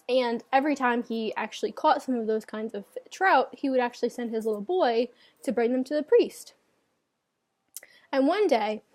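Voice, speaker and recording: A woman telling a folk tale aloud, unhurried and easygoing with small fillers. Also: on the high side, a little mellow. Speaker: storyteller. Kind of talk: oral folk tale storytelling.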